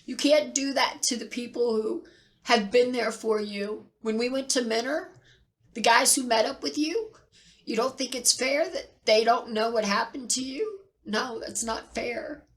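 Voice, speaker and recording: Middle-aged woman, a bit high voice, holding back tears, stops and repeats herself. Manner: halting, emotional, pauses and repeats. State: near tears. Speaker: vlogger sharing personal loss. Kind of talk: tearful personal account.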